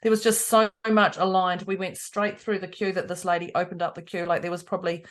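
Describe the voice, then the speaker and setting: A woman chatting casually as a podcast co-host, telling a story with lively quoted dialogue and frequent laughter. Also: on the low side, brisk. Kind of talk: casual chat.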